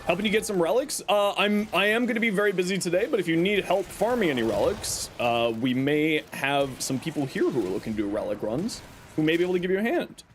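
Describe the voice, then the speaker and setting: A man on a live game stream, reading out viewer questions and explaining how things work. His voice sits a bit higher than most men's, and he hedges often, filling pauses with "uh" and admitting when his memory is unsure. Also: lively intonation, slight background noise. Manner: reads and answers chat questions, explaining game steps with frequent "uh" fillers; hedging, unsure of old details. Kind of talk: live-stream chat while gaming.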